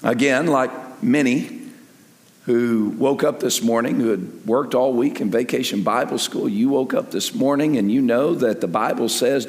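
Animated older preacher in echoing hall. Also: male voice. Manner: lively preaching that swings from loud peaks to soft low asides. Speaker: pastor. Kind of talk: sermon. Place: large church sanctuary with long reverb. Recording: echoey hall with long reverb.

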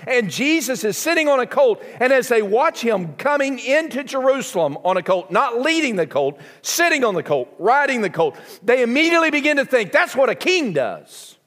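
High, animated Southern preacher. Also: male voice, a little fast, few pauses. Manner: impassioned, emphatic preaching with repetition. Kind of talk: sermon. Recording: long hall reverb.

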